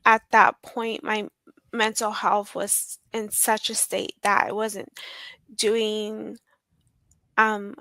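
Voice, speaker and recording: Woman guest, slow halting talk, gravelly bright voice, dry sound. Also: medium pitch, level tone, dry recording. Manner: halting, emotional, with many pauses and fillers. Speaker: interview guest. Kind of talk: personal story in an interview.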